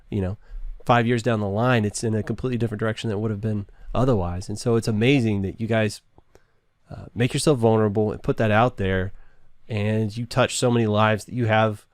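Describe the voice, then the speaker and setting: A man with a fairly low voice hosts a podcast conversation. He reflects slowly, fills the gaps with "um" and "right?", and sounds dry and close to the mic. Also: no room sound. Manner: thoughtful, many fillers and "right?". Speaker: podcast host.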